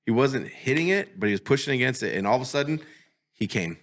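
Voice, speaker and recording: A man's voice: medium pitch, fast. A man co-hosting a casual comedy podcast, recounting an absurd story with swearing and chuckles. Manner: profane, chuckling, deadpan about an absurd story. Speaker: podcast co-host. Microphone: studio podcast mic.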